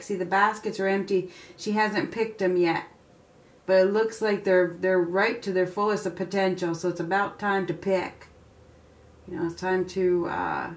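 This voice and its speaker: A woman giving a casual tarot reading, chatty and excitable, laughing often and filling pauses with ums. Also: medium pitch. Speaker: tarot reader.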